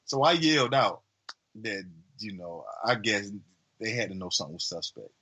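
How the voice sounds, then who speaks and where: A man co-hosting a podcast, telling a long story in a casual, rambling way with many fillers and lively acted-out voices. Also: fairly low pitch, normal speed, low-quality recording. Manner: animated, acts out quoted voices. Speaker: podcast co-host.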